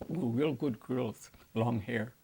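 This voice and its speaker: An elderly woman recounting memories of her youth in an oral history interview, animated and often laughing. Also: very deep voice, takes it slowly, gravelly, slight background noise. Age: older. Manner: animated, laughs often while telling stories. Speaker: interviewee recalling her life.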